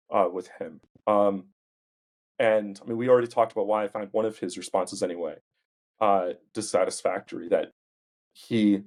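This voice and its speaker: A man, a philosopher guest, explaining ideas carefully in a casual academic discussion with many pauses. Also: mid-range voice, darkish tone. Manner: explanatory, many ums and uhs.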